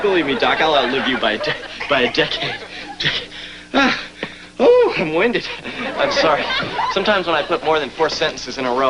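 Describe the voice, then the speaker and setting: Actor as childish, overdramatic adult patient; lively, slightly high voice, whiny sitcom delivery. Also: male voice, very noisy, close to an everyday voice. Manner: whiny, theatrical, rambling with nervous laughs. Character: childish, melodramatic grown man patient. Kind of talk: sitcom acting.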